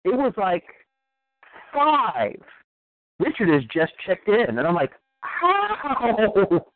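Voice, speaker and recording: Excitable higher-voiced man on a phone line. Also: slow pace, dry recording. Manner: laughs often, excited rambling. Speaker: podcast guest. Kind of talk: casual chat. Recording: phone-like narrow line, dry.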